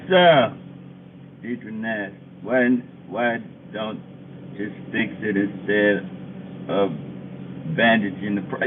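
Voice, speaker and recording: A man who drives trucks, chatting casually on a livestream and reading out viewer comments, with an animated, venting delivery that repeats itself. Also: on the high side. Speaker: truck driver live-streaming. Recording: tinny phone-like audio.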